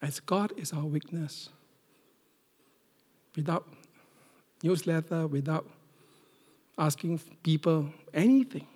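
A middle-aged man from Singapore, preaching a sermon. He tells stories with big swings from loud emphasis to near-whispers. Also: fairly high pitch, slow, pauses often, long reverb tail. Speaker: pastor.

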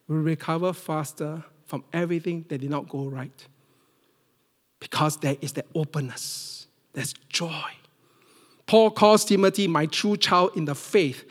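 A middle-aged man from Singapore, preaching a sermon. He tells stories with big swings from loud emphasis to near-whispers. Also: on the high side, in a large hall. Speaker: pastor.

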